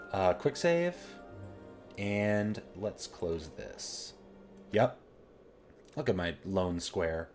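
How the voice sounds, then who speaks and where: A man's voice: sits low, sing-song, extremely slow, pauses often, a little mellow, faint music behind. A man streaming a game live, wrapping up in a loose, joking way.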